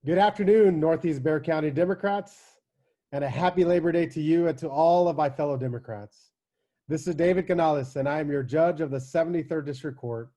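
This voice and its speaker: A man's voice: a little high, a little fast, dark tone. A man, a judge, giving an earnest, formal recorded video greeting.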